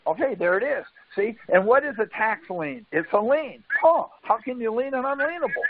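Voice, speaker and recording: A man's voice: very high voice, animated, moderate pace, narrow, tinny audio, background noise. A man on a conference call giving a casual, folksy talk and often asking "see?" to check that his listener follows.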